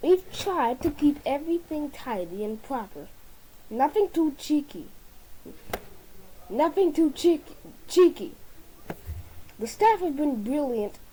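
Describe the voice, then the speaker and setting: A woman's voice: high voice, big pitch swings, slow pace, long pauses, warm tone, slight background noise, poor audio. A woman giving a comedic formal toast, often tripping over words and restarting them. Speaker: speaker giving a dinner toast.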